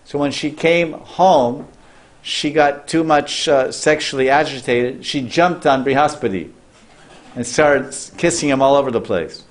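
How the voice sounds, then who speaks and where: A man's voice: mid-range voice, measured pace. A man as a spiritual teacher, telling a sacred story in a loose sermon with restarts and questions to the listeners.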